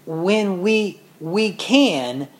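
A man preaching a sermon, reading scripture slowly and building to loud, emotional peaks before dropping back to a quiet, measured tone. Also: sits high, lively intonation.

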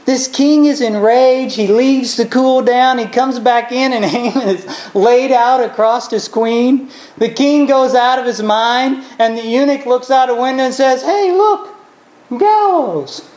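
A woman preacher retells scripture in an animated sermon, taking her time. She acts out each character, pushing her voice high and low in big pitch swings, and the room echoes around her.

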